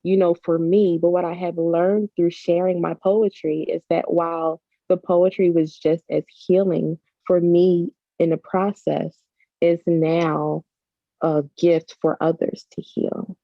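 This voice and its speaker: A woman's voice: on the low side, level tone, measured pace, no room sound. Woman guest on a call, dry and muffled audio, earnest, lots of "like", pours out feelings. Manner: earnest, effusive, full of "like" and restarts. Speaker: author and mother, interview guest. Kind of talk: heartfelt conversational interview. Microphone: video call. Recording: dull lo-fi video call audio.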